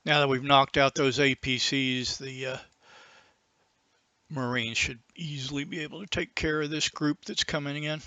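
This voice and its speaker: A man hosting a flight simulator tutorial, calmly and methodically talking himself through each step of the flight. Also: medium pitch, normal speed, no room sound, muffled recording. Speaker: flight sim video host. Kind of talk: narrated simulator gameplay tutorial. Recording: loud aircraft engine noise under the voice. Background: simulated jet engine and cockpit noise.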